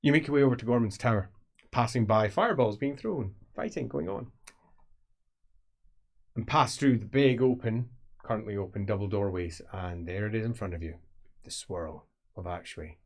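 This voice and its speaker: A man's voice: fairly low pitch, moderate pace, long pauses. A man narrating an improvised tabletop game as game master, rambling with many fillers. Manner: rambling, filler-heavy description.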